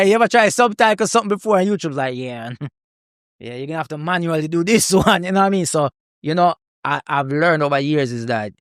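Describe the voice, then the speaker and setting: A man from Jamaica with a Jamaican accent, a comedian chatting on a podcast, animated and laughing often as he tells stories. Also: medium pitch, clear, resonant tone, no echo, studio quality. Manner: animated storyteller, laughs a lot, repeats "you know what I mean". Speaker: guest comedian. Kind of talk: podcast conversation.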